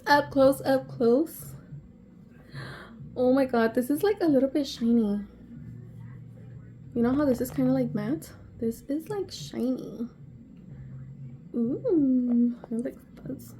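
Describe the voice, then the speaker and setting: A woman vlogger unboxing on camera, excitable and gushing, gasping often and sometimes dropping to a breathy whisper. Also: high voice, slow pace, a little hiss or hum. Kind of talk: casual unboxing vlog.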